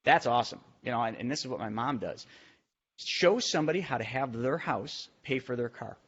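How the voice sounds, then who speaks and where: A man on a podcast explaining money and real estate with quick, energetic talk and side tangents. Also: mid-range voice, husky, highs cut off. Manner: fast, energetic explaining with asides. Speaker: real estate investor and teacher. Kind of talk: podcast discussion.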